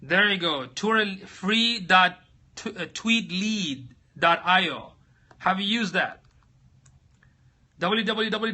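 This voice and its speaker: A man with a high, sharp, slightly rough voice runs a casual live stream. He rambles and talks through his search aloud, reading viewers' comments and responding to them.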